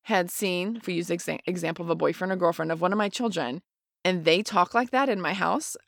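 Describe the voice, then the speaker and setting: A woman's voice: on the low side, fast talker, creaky, dry recording. Earnest woman with a dry, close sound. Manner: earnest, emphatic, explains with examples. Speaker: podcast co-host. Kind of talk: casual parenting chat.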